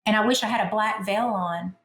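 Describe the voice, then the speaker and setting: A woman author talking as a guest on a podcast, telling stories in a chatty, animated way with self-deprecating humor. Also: mid-range voice, fairly quick, reverberant. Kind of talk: conversational storytelling.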